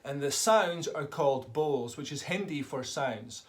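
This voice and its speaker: A man's voice: a little high, expressive, measured pace. A man teaching a tabla lesson to children, enthusiastically calling out drum syllables for them to repeat. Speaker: tabla tutor. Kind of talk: online music lesson for children.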